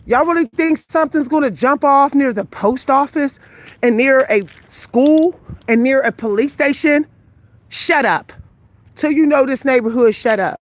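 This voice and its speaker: In a dry recording, a high-voiced woman in her forties films a live vlog on her phone as she walks outside at night. She sounds tired and out of breath, and she speaks bluntly and profanely to her viewers.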